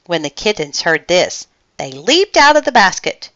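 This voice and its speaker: Slow, bright woman reading a storybook. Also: on the low side, big pitch swings, no echo, highs cut off. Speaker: children's book reader. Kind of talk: reading a picture book aloud.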